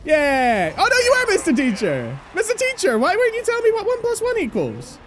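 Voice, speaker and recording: Excitable high swearing young gamer woman. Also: brisk, very noisy. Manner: excitable, swears a lot, laughs often. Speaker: gameplay streamer. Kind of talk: gameplay commentary.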